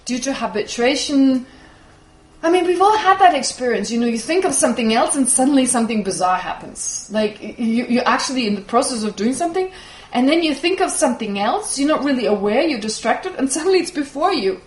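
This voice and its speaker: A woman whose first language is German, teaching a Buddhist class and answering questions in a lively, explanatory way. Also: high-pitched, fairly quick. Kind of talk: teaching with audience Q&A. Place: teaching hall with audience. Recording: echoey room, faint noise.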